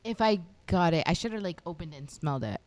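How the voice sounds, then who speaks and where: A young woman who is a guest on a podcast, telling a story in casual, animated chat and swearing freely. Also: lowish voice, fast, dry recording.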